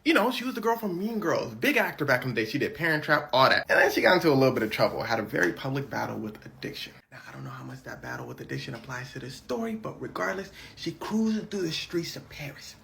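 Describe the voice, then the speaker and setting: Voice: mid-range voice, sing-song, racing, creaky, a bit bright, a little hiss or hum. A reaction video host telling a story with comic drama, in slangy speech, acting out every character.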